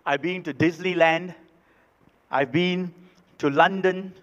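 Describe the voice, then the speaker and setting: A man putting on a bragging hundred-dollar bill, lowered smug voice, long echo, dull sound. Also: steady tone, takes it slowly, a bit bright. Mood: boastful. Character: boastful well-traveled male hundred dollar bill. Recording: reverberant hall, dull sound.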